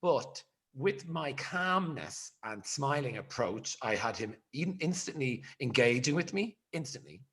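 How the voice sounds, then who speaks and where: A man, hosting a podcast and telling a rambling, animated story in casual chat. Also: mid-range voice, unhurried, few pauses, husky. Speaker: podcast host.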